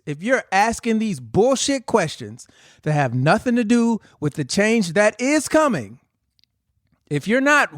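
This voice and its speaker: A man's voice: high-pitched, big pitch swings, a little slow, fairly bright tone, no echo, clean studio sound. A man co-hosting a podcast who rants heatedly in casual chat. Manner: heated, ranting. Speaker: podcast co-host.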